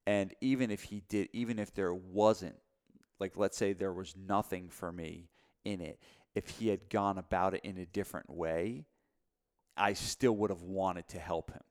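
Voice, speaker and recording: Male podcast co-host, very low and gravelly, loose rambling delivery. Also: steady tone, normal speed, a little mellow. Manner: rambling, many fillers and restarts. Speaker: podcast co-host, gym owner and mentor. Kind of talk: casual podcast chat.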